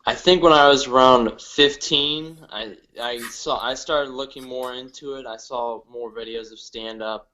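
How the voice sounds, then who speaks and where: A young man from northern Ohio with a Midwestern accent, a guest comedian telling his story in halting, hesitant bits. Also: medium pitch, fairly even intonation, pushed and bright, rough recording. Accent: Midwestern American. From northern Ohio, USA. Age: young adult. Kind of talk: casual interview chat.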